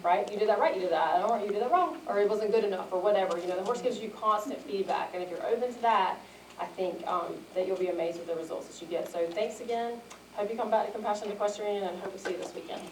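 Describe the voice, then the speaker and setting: A woman speaking quickly and earnestly, wrapping up an event with encouraging closing words. Her voice carries from a little way off the mic and rings around an echoey hall, with a faint hiss underneath. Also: mid-range voice. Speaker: event organizer. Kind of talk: closing remarks to an audience. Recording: echoey room, mic some distance away.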